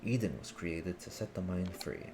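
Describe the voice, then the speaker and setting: A man's voice: deep voice, moderate pace, background noise. A man reading the lines of an earnest, idealistic young male hacker leader in a formal, solemn way. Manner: formal, solemn speeches read aloud. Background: game music.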